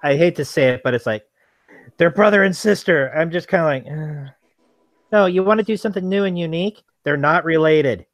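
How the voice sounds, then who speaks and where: A man's voice: on the high side, brisk, dry recording. A man co-hosting a casual chat with a dry, teasing manner. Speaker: co-host.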